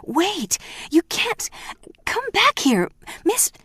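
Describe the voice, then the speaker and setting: Middle-aged widowed housekeeper, formal and easily rattled, read by a woman narrator; very low voice, dry close recording. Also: lively intonation, moderate pace, a little mellow, no echo. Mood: panicked. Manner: flustered, stiffly proper.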